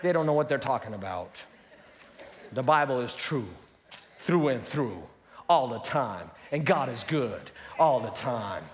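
A man preaching a sermon, telling the story with animated emphasis and bursts of laughter. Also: mid-range voice, measured pace, long reverb tail, a faint crowd.

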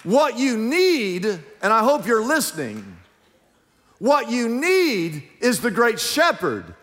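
Male pastor, high voice, emphatic sermon delivery, church hall reverb. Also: huge pitch swings, slow, fairly bright tone, some chatter behind. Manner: emphatic preaching, rhetorical questions to congregation. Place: church sanctuary.

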